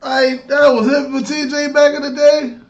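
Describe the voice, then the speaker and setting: A man's voice: extremely high pitch, flat delivery, normal speed, muffled recording, background noise. Laughing man riffing on slang. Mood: amused. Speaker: reaction video host. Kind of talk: casual reaction commentary.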